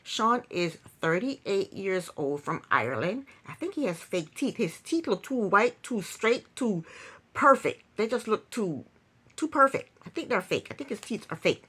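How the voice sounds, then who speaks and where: A woman's voice: mid-range voice, sing-song, a little slow, fairly bright tone, slightly rough. A woman giving a casual, sarcastic recap of a reality show, laughing often. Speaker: TV recap youtuber.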